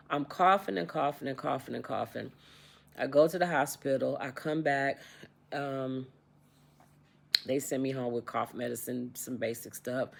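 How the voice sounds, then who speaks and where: A woman's voice: a bass voice, vocal fry. A woman in her sixties telling a personal story in a casual vlog, repeating herself and acting out quoted dialogue. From United States. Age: 60s. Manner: repetitive, animated retelling with quoted dialogue. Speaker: vlogger.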